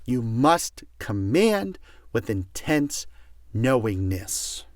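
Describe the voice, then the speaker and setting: A self-help speaker teaches a motivational audio course in a mid-range voice with big pitch swings and drawn-out words. He is passionate and emphatic, repeating key words for force and getting loud. The recording is clean studio sound with no room sound.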